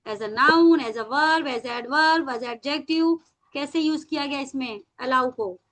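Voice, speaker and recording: A high, bright-voiced woman with an Indian English accent, teaching an online class. She switches between Hindi and English and draws key words out slowly. It sounds like a video call.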